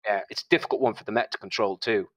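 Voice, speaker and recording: A man's voice: on the low side, rapid-fire, a bit bright. A man co-hosting a podcast who chats casually and hesitantly, with lots of fillers and restarts. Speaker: podcast co-host. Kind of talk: casual chat.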